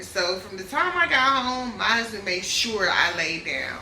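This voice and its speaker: A woman vlogger telling a personal story in a lively casual way, often calling her viewers y'all. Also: medium pitch, measured pace, gravelly, few pauses, roomy sound, far from the mic, a little hiss or hum, rough recording. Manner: animated, addresses viewers as y'all.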